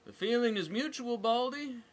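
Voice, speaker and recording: A man voicing a brash, crude, foul-mouthed soldier woman in a storybook reading, loud and sarcastic. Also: fairly high pitch, sing-song, takes it slowly, pitched above the performer's own voice, full character voice.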